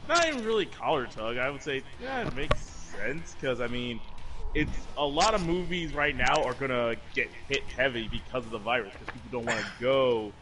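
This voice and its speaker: A man's voice: mid-range voice, animated, normal speed. A man chatting matter-of-factly with friends during a game stream. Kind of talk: casual gaming chat with friends. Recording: noisy mic with clicks.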